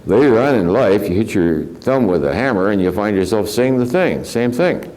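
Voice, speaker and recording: Older man with a very low voice. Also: lively intonation, moderate pace, a little mellow, a little hiss or hum, poor audio. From American Midwest. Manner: rambling, reflective, chuckling storyteller. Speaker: spiritual teacher. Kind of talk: spiritual lecture.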